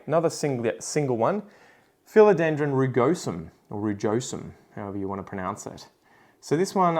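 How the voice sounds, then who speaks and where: Chatty Australian man, rambling along. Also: fairly low pitch. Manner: chatty, rambling, corrects himself often. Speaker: host. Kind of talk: casual plant-selling vlog.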